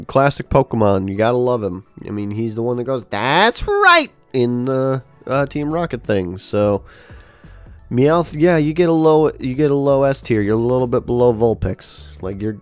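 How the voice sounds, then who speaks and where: A man giving casual livestream commentary, chatty and thinking out loud, laughing often. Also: mid-range voice, normal speed, no echo, faint music behind. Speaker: livestreamer ranking a tier list.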